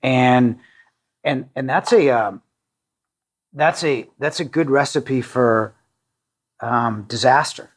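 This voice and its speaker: A middle-aged man from the Boston area, a company CEO, talking casually in an interview, with frequent restarts and fillers. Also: mid-range voice. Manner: halting, many restarts and fillers, self-deprecating.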